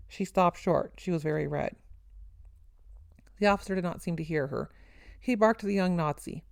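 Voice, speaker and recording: A woman narrating a first-person story in a steady, earnest reading voice. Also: lowish voice, a little fast, gravelly, no room sound.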